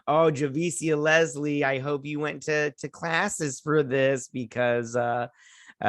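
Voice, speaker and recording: A man's voice: mid-range voice, a bit bright, dry recording, studio quality. A man casually recapping and reviewing a TV episode, rambling and sarcastic, paraphrasing characters as he goes. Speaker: show reviewer.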